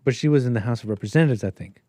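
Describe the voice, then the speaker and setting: A man's voice: mid-range voice, very fast, warm tone, no room sound. A man hosting a casual political commentary stream, rambling, thinking aloud and laughing often. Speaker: host.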